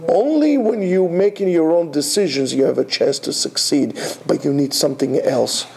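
A man's voice: fairly high pitch, normal speed, creaky, darkish tone, slight background noise. A man teaching a Torah class in a classroom, emphatic, repeating his phrases and asking rhetorical questions.

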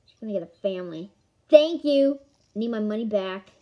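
A woman giving casual commentary on a board game she is playing, excitable, with melodramatic outbursts and playful taunting of her opponent. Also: mid-range voice, moderate pace, dull audio. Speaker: gamer filming a board game. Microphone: camera mic.

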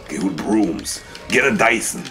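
A man voicing his crude, short-tempered father with gruff, swearing insults. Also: very deep voice, moderate pace, over music. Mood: scolding.

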